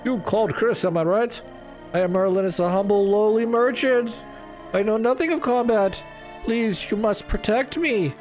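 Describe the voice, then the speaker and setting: A man voicing a frightened old male merchant in a game, pleading in a high, strained voice. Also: normal speed, a little mellow, faint music behind, lightly acted. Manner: shrill, panicky pleading.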